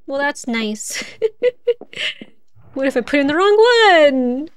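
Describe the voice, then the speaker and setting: Chatty woman streamer with a high voice, talking herself through the game. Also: animated, normal speed. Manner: chatty, thinks aloud, laughs often. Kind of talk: casual gameplay commentary.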